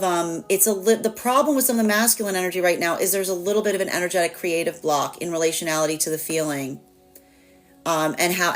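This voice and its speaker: A woman giving a live tarot reading in a chatty, animated way, with lots of fillers and laughter. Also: on the low side. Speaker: tarot reader.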